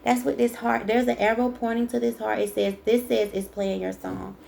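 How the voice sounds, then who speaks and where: A woman's voice: fairly high pitch, level tone, moderate pace, vocal fry, dark tone, slight background noise. A woman doing a casual spiritual tarot card reading, chatty and emphatic, reading card texts aloud and repeating the key lines. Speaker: tarot reader.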